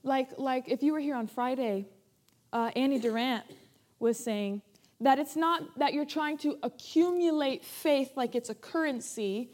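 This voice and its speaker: A woman's voice: high-pitched, a little slow, a little mellow. A woman pastor, praying fervently and then preaching a sermon to her church. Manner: fervent, rising and swelling in prayer. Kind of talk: sermon with opening prayer.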